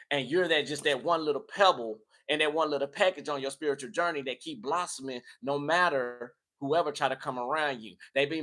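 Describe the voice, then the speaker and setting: A man giving a tarot reading with a fairly high voice. He preaches in a lively, slangy, motivational way, pushing and pulling his delivery for emphasis. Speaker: tarot reader. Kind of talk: casual spiritual tarot reading.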